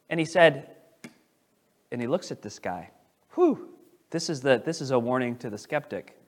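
A man preaching a sermon as pastor, animated, with restarts as he paraphrases scripture and swings between loud emphasis and quiet asides. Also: a little high, moderate pace.

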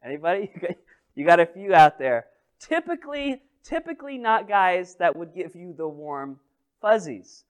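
A male pastor preaching a sermon in a conversational, humorous way, moving between loud emphasis and quiet asides. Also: sits high, sing-song, normal speed, clear, resonant tone.

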